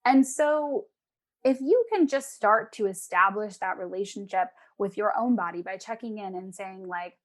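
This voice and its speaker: Speaking at a medium pitch and moderate pace, a woman guesting in a casual interview shares advice from her work as an emotional eating coach. She acts out clients' voices in an animated way.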